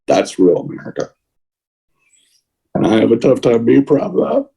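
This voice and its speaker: A man's voice: medium pitch, sing-song, moderate pace, vocal fry, pauses often, dark tone, breathy edge, rough recording. A man co-hosting a podcast, giving emotional, indignant political commentary. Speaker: podcast co-host.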